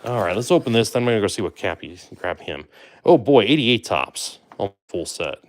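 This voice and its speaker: A man hosting a live stream, chatting casually and making relaxed asides to his viewers. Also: lowish voice, fairly quick. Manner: chatty, relaxed, trails off with fillers and asides to chat. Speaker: livestream host opening baseball card boxes.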